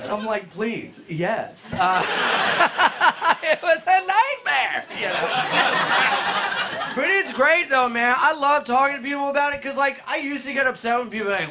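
A young man doing a stand-up warm-up set on a club stage, brash and teasing the crowd, with loud punchlines. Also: extremely high pitch, animated, unhurried. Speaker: stand-up comedian warming up the crowd. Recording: noisy live club recording. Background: audience laughter.

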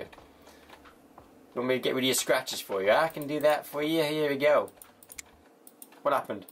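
A man's voice: medium pitch, animated, moderate pace, long pauses, slight background noise. A young man commentating a game with jokes, chatting to customers in a mock shopkeeper voice. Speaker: gaming YouTuber. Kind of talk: comedic gameplay commentary.

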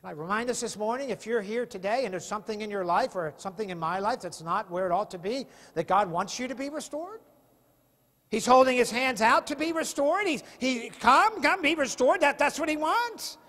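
A man's voice: very high voice, expressive, brisk, a bit bright. A male pastor preaching an impassioned sermon full of rhetorical questions in a church sanctuary. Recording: long reverb of a church hall.

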